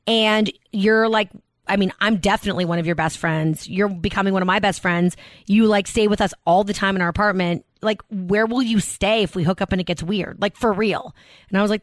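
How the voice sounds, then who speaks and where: A woman's voice: mid-range voice, fairly even intonation, no echo. A woman from the Boston area, a podcast guest telling casual stories full of "like" fillers and acted-out quotes. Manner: fast storytelling, many "like" fillers, acts out quotes. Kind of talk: casual chat.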